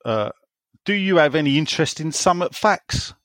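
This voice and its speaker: A man co-hosting a podcast reads listener messages aloud and teases them as he goes, his pitch jumping about with lively swings. The sound is dry and close, with no room around it. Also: normal speed, no echo. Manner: jokey, teasing, laughs often. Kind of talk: casual banter.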